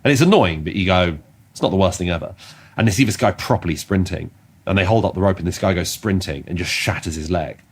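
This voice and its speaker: A man's voice: low voice, fast talker, husky. A man co-hosting a comedy podcast, chatting casually and telling rambling stories full of restarts. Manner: rambling, self-interrupting storytelling with restarts. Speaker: podcast co-host.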